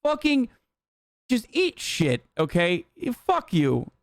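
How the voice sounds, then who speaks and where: Young guy streamer ranting and swearing, kinda high clear voice, dry close mic. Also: huge pitch swings, slow, dry recording. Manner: profane, heated ranting with mocking put-on voices. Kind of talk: live-stream commentary rant.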